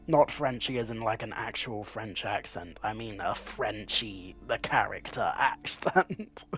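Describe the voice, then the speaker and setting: Slow-talking man streaming a game. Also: on the low side, animated, a bit bright. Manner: playful, often drops into a whisper and laughs. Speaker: gameplay streamer. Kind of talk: let's play commentary, reading choices aloud.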